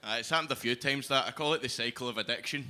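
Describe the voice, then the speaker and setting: Deadpan Scottish man doing stand-up. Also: mid-range voice, fast talker, slight background noise. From Scotland. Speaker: stand-up comedian. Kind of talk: stand-up set. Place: comedy club stage.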